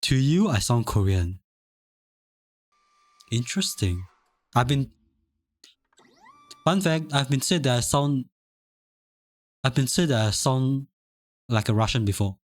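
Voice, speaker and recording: A man's voice: mid-range voice, lively intonation, slow, long pauses, dry recording. A young man from Singapore chatting casually on a live stream, reading chat aloud, rambling and repeating himself. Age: young adult. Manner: rambling, repeats phrases, chuckles often.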